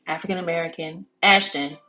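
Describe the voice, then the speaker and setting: A woman with a low voice talks through a live cooking demonstration in a casual storytelling way. She rambles warmly, with frequent ums and self-corrections, over a faint background hiss. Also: fairly even intonation, a little fast, low-quality recording. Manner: chatty, with many fillers and restarts.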